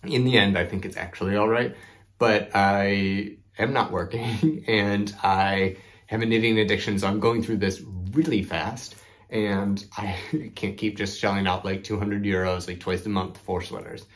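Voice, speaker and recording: A man's voice: lowish voice, fairly even intonation, moderate pace. A young man hosting a knitting video, chatting casually to camera with lots of "like" and "um". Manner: chatty, rambling, frequent "like" and "um". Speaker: knitting podcast host.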